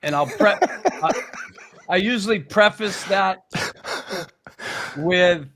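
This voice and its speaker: A man, a podcast guest telling stories in a gruff, blunt way, swearing constantly. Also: sits high, takes it slowly, a bit bright. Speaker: podcast guest, former hockey enforcer. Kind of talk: casual storytelling chat.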